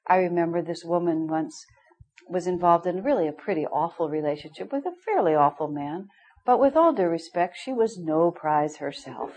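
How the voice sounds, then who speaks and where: A middle-aged woman gives an informal spiritual class. She tells stories candidly, and her lowish voice often breaks into laughter. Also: expressive, moderate pace, darkish tone, husky, poor audio. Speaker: spiritual teacher.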